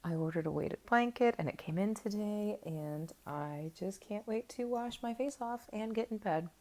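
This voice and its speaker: A woman's voice: medium pitch, normal speed, mellow. A woman in her thirties telling a candid, self-mocking story to camera in a casual chat, with lots of fillers. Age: 30s. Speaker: vlogger.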